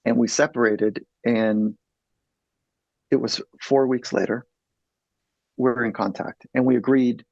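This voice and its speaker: Gravelly middle-aged man telling a candid story. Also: medium pitch, fairly even intonation, measured pace, pauses often, darkish tone, no room sound, muffled recording. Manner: earnest, blunt, swears freely. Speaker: psychologist guest.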